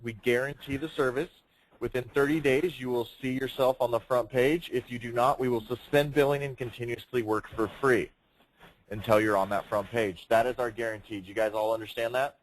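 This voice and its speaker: A man's voice: medium pitch, fairly even intonation, fairly quick. A man leading a sales training session, speaking emphatically, projecting his voice and firing rhetorical questions. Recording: noisy room recording.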